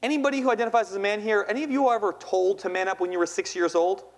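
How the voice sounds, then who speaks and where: A man in his thirties tells a personal story to a live audience in a fairly high voice. He is playful and chatty, and keeps asking the crowd questions. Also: very fast. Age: 30s. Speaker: poet and speaker. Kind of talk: spoken-word storytelling talk.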